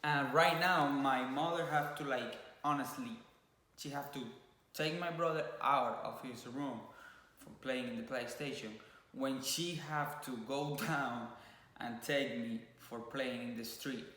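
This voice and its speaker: A man's voice: mid-range voice, a little slow. A man in his twenties from Cuba with a Cuban Spanish accent, casually telling his story and slipping into Spanish words. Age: 20s. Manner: relaxed, loose storytelling with Spanish slips. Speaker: vlogger. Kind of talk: casual chat. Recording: very echoey room.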